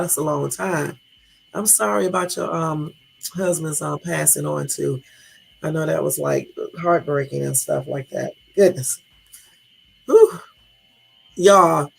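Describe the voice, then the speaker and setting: A woman's voice: sits low, creaky, breathy edge, low-quality recording. A middle-aged woman livestreaming casual chat to viewers, rambling and joking, laughing often. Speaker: livestream host.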